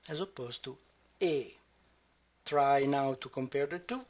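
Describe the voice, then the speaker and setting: A woman teaching pronunciation, modelling each word slowly and deliberately. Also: rumbling low. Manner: slow, deliberate, drawn-out modelling of words. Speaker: language teacher. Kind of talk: slow pronunciation lesson. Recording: muffled lo-fi recording.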